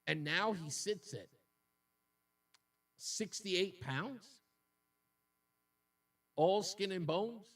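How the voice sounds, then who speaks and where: Radio host guy, fired up and upset, pretty high voice, mic a bit far off. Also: lively intonation, very slow, long pauses, a bit bright. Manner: indignant, emotional, repeats points for emphasis. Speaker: radio talk show host. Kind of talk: talk radio monologue.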